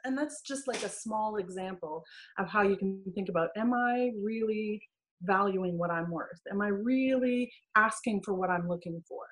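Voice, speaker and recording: A middle-aged woman in a casual interview, telling her stories in a lively way and acting out the quoted lines. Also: medium pitch, normal speed, poor audio. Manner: animated storytelling, acts out quoted dialogue. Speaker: guest, dating and healing coach.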